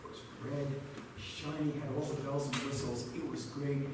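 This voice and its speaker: A man's voice: medium pitch, steady tone, normal speed, background noise. A man preaching as a church pastor, telling stories and building to emphatic pleas. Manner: storytelling, rising to emphatic pleas. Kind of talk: sermon. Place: church sanctuary. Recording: echoey church hall from far off.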